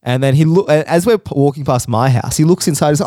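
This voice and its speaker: A young man co-hosting a casual podcast, his voice sitting a little high and recorded dry and close. He tells stories in an animated way, laughing and tossing in quick asides. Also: dry recording. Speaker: podcast co-host. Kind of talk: casual storytelling chat.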